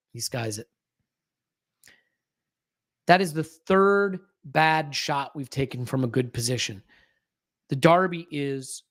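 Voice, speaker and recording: Anxious fan doing live match commentary. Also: medium pitch. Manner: anxious, restless fan commentary with frequent restarts. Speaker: podcast host. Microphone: fiddles with a desk microphone.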